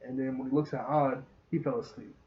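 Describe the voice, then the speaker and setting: A man giving a casual, rambling episode review. He gets excited, laughs often and retells scenes as he goes. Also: mid-range voice, a little fast. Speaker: show reviewer. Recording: roomy, dull lo-fi sound.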